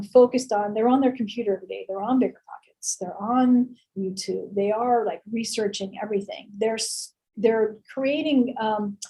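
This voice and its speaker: A woman's voice: on the high side, warm tone, low-quality recording. A woman giving a casual lecture as a real estate instructor, chatty, with rhetorical questions. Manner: chatty, many fillers and restarts, rhetorical questions.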